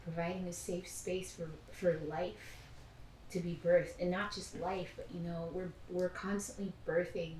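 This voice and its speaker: A woman leading a casual group conversation, talking in a gentle, reflective, spiritual way. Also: lowish voice, little pitch movement, a little slow, background noise. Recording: echoey room from a distance.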